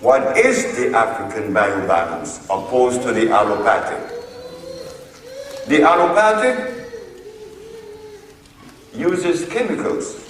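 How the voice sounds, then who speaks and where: A man lectures slowly and deliberately, leaning on dramatic pauses and short, punchy lines like a seasoned storyteller. He is recorded from far off in a big, echoey hall, and a faint hiss of background noise sits under his voice. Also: mid-range voice, huge pitch swings, fairly bright tone. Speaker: speaker giving a talk on herbal healing. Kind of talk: lecture to an audience.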